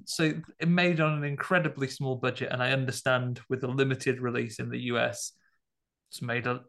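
A man with a gravelly, fry-touched voice talks through a film for a podcast. He is measured and thoughtful, weighing how general audiences will take it. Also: medium pitch, steady tone, a bit bright. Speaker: podcast co-host, film critic. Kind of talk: casual film review chat.

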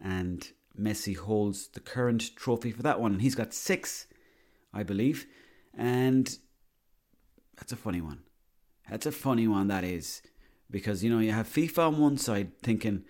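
A man's voice: on the low side, moderate pace, darkish tone. A man telling a rambling, boastful comic monologue, swearing freely.

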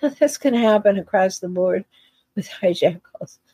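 A woman's voice: medium pitch, animated, mellow, slightly rough, no echo, poor audio. A woman giving earnest relationship advice, talking unhurriedly and repeating key phrases for emphasis. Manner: unhurried with deliberate pauses. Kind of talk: solo advice talk.

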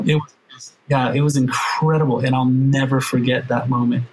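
A man's voice: medium pitch, fairly quick, a little hiss or hum, rough recording. A middle-aged man, a firefighter and podcast guest, telling an emotional story earnestly and with feeling, acting out the voices of the people in it. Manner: earnest, emotional, animated retelling with quoted voices.

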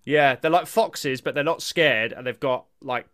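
A man's voice: mid-range voice, unhurried, fairly bright tone. A young man co-hosting a comedy podcast, teasing dryly in casual chat with loose, wandering sentences. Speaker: podcast co-host.

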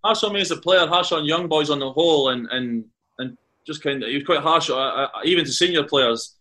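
A man's voice: on the high side, brisk, sharp tone. A Scottish man from Carnoustie, a former footballer, chatting as a guest and telling rambling stories full of restarts and repeated words. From Carnoustie, Scotland. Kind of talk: casual podcast chat, anecdotes.

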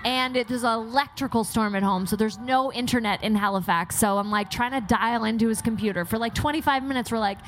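A woman co-hosting a podcast, telling candid stories in an animated, frank way with plenty of swearing. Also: a little high, brisk, hardly any pauses, slight background noise. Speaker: podcast co-host. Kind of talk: candid casual chat.

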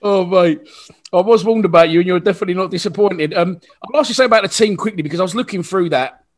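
A man's voice: high voice, quick pace. Man hosting a football interview. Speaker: podcast host. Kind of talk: interview questions.

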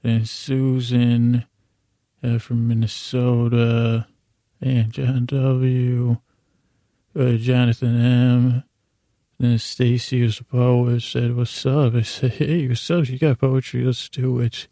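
A man with a gravelly, mellow voice tells a meandering bedtime story, keeping his delivery flat and sleepy. The sound is dry and close, with no room around him. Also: slow, no room sound. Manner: low-key, drowsy, meandering. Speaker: podcast host.

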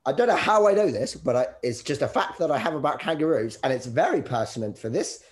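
A man's voice: a little high, lively intonation, fast. A man hosting a comedy podcast in casual chat, playful and often laughing. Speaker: podcast host.

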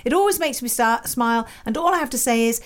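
A woman's voice: fairly high pitch, animated, quick pace. A woman co-hosting a podcast, chatting casually and reading listener emails aloud in a playful, giggly way. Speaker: podcast co-host.

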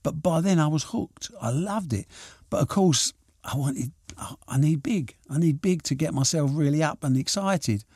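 Gravelly older man telling stories. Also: fairly high pitch, moderate pace, few pauses, no echo, clean studio sound. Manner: lively anecdotal storyteller, restarts and acts out quotes. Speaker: boxing and snooker promoter. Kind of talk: reminiscing interview answers.

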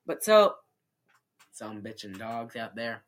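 A woman's voice: a bass voice, slow. A woman co-hosting a casual chat, animatedly retelling a movie and acting out lines with giggles. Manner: animated, giggly, acts out quotes. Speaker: podcast co-host.

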